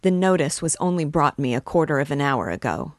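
A ragged, feverish young man stands his ground defiantly, as a woman with a low voice reads him. His pride pushes through his weakness. The sound is dry. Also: moderate pace, no room sound, close to an everyday voice. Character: poor young male student, feverish, proud and defiant.

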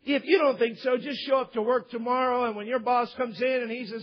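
A man's voice: extremely high pitch, steady tone, a little fast, dull audio. A man preaching a sermon as pastor, building to emphatic points.

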